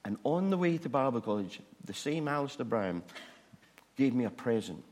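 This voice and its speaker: A man telling a funny personal testimony in a sermon, animated and self-mocking. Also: mid-range voice, moderate pace, long reverb tail. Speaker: preacher.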